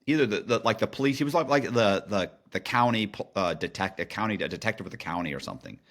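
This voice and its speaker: A man's voice: on the low side, animated, quick pace, a bit bright. A middle-aged man telling a story as a podcast guest, in a casual, slangy way with many restarts and fillers.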